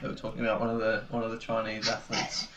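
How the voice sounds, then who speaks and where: A man's voice: on the low side, completely flat delivery, quick pace. A young man dropping short, crude interjections on a podcast. He is off-mic in an echoey room. Other voices chatter behind him. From Australia. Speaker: podcast co-host. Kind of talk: casual chat. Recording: roomy, distant mic, background chatter.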